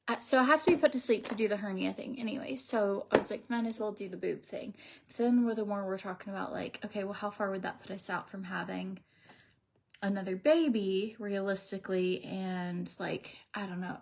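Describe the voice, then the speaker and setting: Doing her makeup live, a woman in her thirties who works as a beauty vlogger chats aimlessly and casually in a get-ready-with-me stream, often nearly whispering. Her medium-pitched voice is gravelly, with background noise present.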